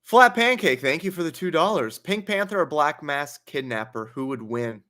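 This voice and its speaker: A man's voice: on the high side, animated, moderate pace, pushed and bright. A young man hosting a casual livestream Q&A, reading donations aloud and chatting with a laugh in his stories. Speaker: livestream host.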